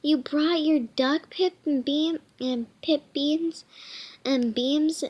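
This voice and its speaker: Jumpy boy camper from a storybook read by a woman, high and halting. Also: fairly even intonation, lo-fi sound. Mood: nervous. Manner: halting, restarting read-aloud. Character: nervous hungry boy camper.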